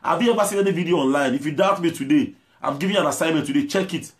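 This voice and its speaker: Forceful pleading Nigerian man. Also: a little high, very fast. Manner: forceful, pleading, mixes in pidgin. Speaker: musician. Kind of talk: impassioned video message.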